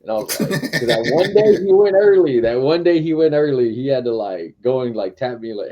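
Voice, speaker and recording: A man's voice: mid-range voice, expressive, a little fast, few pauses, dark tone, dull audio. A man with a Texan accent co-hosting a casual podcast, laid-back, often acting out what people told him. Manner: laid-back, acts out quoted exchanges. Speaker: podcast co-host. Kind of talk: casual chat.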